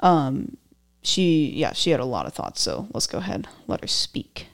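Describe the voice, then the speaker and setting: A woman hosts her own podcast in a low, sing-song voice with vocal fry, speaking at a moderate pace. She rambles through political commentary, mocking herself and tossing in jokes.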